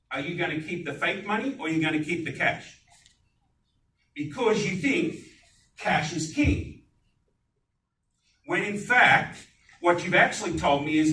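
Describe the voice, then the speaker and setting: A man giving a live sales pitch at a business networking meeting, animated and putting questions to the audience. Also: normal speed, pauses often, slight background noise. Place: meeting room. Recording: echoey room, distant mic.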